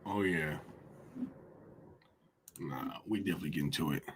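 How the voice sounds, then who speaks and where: A man's voice: a bass voice, moderate pace, slight background noise. A man hosting a casual livestream, chatting in slang, reading viewer comments aloud and laughing often. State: hungry after a long day. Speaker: livestream host.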